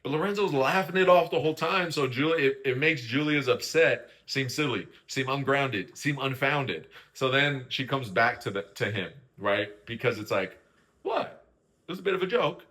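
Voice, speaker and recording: A young man talks through a reality-show recap in a loose, opinionated way. His tone is bright and forceful, and he keeps checking in with the listener. His pitch sits in a typical middle range for a man. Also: moderate pace, few pauses. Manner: chatty, keeps asking "right?" and "you know what I mean?", acts out quoted lines. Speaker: host.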